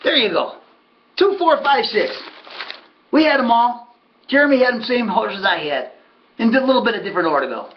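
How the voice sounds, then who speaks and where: A man's voice: very high voice, lively intonation, a little fast, long pauses, lo-fi sound, a little hiss or hum. A man giving a casual, folksy recap of his race picks, sardonic and talking to himself about his bets. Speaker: harness racing handicapper.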